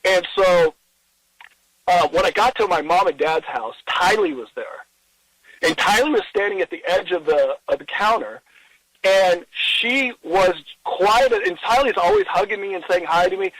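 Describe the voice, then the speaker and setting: A middle-aged man in an interview, telling a personal story in an earnest, halting way, with many restarts and quoted dialogue. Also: high-pitched, animated, fairly bright tone, low-quality recording.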